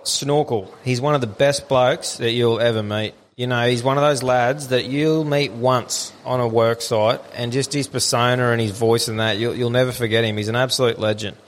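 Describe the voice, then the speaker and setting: Aussie podcast co-host, mid-pitched, laughs and swears through loose yarns. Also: male voice, steady tone, normal speed. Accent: Australian. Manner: rambling, laughing storyteller, swears a lot. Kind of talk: casual chat.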